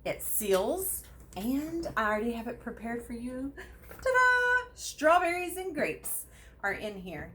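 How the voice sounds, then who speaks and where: Lively upbeat woman demoing kitchenware. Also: a little hiss or hum. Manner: chatty, upbeat, lively pitch. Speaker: product demonstrator. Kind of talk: casual product demo.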